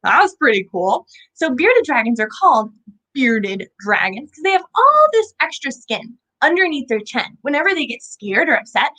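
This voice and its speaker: A woman's voice: a little high, a bit bright, rough recording. A woman teaching children about animals in a bubbly, sing-song way, often asking them questions. She is indoors at an animal center. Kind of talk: kids' lesson.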